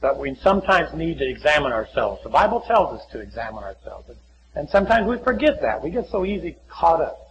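A man preaching a folksy sermon in a church, often acting out little conversations and dropping to a hushed voice. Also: a little high, very animated, a little fast, highs cut off, slight background noise. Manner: folksy, acts out little dialogues, many drops to a hushed voice. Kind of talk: sermon with altar call.

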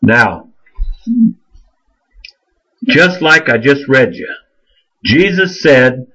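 A man's voice: mid-range voice, lively intonation, unhurried, pauses often, a bit bright, husky, dull audio. A man preaching a sermon, emphatic and repetitive, firing off rhetorical questions.

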